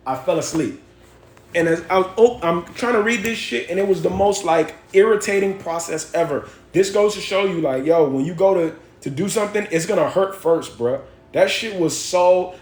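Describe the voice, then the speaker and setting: A young man talks straight into his phone on a casual livestream, voice set a little high for a man. He tells his story with emphasis, repeating phrases and swearing freely. The sound bounces around an echoey room. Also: a little mellow. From Miami. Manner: emphatic, repetitive, profane storytelling. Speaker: livestream host.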